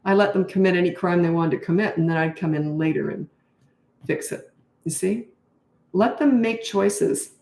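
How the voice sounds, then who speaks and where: A woman's voice: on the low side, normal speed, darkish tone. A middle-aged woman parenting coach giving blunt, emphatic advice in a live question-and-answer talk, acting out what she says to children, sounding tired. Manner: blunt, emphatic, acts out her own replies to kids. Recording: echoey room.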